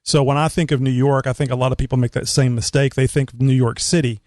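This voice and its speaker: A man from Houston with a Southern Texas accent, hosting a casual interview show and halting through many fillers. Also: medium pitch, steady tone, a little mellow, dry recording. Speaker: talk show host.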